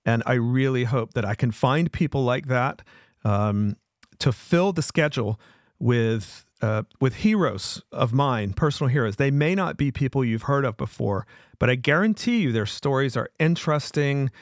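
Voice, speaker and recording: A man's voice: medium pitch, animated, normal speed, no echo, studio quality. A middle-aged man from the American South hosting his own show in an earnest, emphatic monologue that often repeats itself. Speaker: podcast host.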